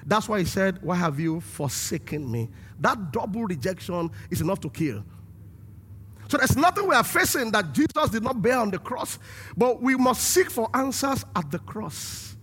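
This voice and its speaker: A man preaching a sermon as pastor and host, emphatic and rising to shouts to stress his points. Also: very high-pitched, very animated, moderate pace, slight background noise.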